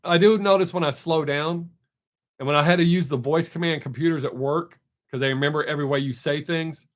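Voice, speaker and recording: A middle-aged man speaks briskly in a slightly high voice with fairly even intonation. Hosting a casual live stream, he rambles and swears as he chats with viewers, often restarting.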